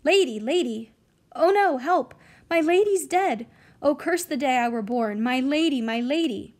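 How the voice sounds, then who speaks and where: A woman voicing a fussy older female nurse who scolds and gives orders, jumping up high in pitch when she cries out. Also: animated, a little slow. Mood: panicked. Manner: bossy, scolding, then wailing. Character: fussing older female nurse, bossy then panicked.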